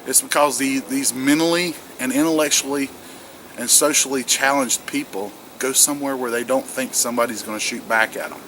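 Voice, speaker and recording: In wet woods, a brisk man with a mid-range voice gives a casual vlog monologue on preparedness, earnest but rambling, repeating words and restarting. He's a prepper vlogger from South Carolina, US. Noisy outdoor camera audio captures ambience and a distant aircraft.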